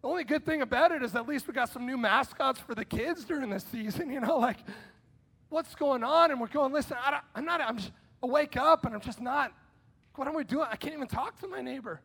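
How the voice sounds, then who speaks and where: A male pastor giving an energetic, conversational sermon with sudden shouted lines. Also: very high voice, brisk, vocal fry, breathy edge. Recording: long hall reverb.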